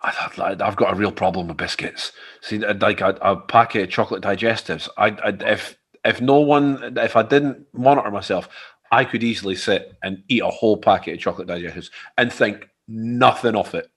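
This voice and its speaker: A man's voice: fairly low pitch, a little fast, a bit bright, breathy edge. A Scottish man hosting a casual interview, friendly and conversational. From Scotland. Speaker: interview host. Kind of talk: casual chat.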